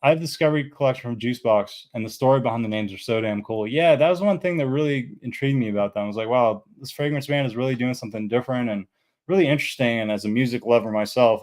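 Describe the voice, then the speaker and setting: A man's voice: mid-range voice, a little mellow. A man of about thirty reviewing fragrances in a casual, rambling chat, full of fillers and easy enthusiasm.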